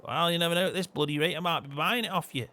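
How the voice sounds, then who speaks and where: A man's voice: on the high side, fast, pushed and bright. A man playing a grumpy farmer in a game role-play, grumbling and swearing constantly. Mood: resigned. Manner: grumbling, peppers every line with swearing.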